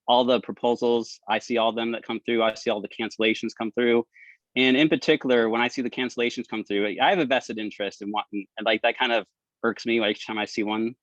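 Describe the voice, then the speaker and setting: A man on a video call, chatting in a relaxed, friendly way as he describes his work. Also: medium pitch, no echo. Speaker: participant in a Q&A session. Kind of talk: casual chat. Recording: dull, dry lo-fi audio.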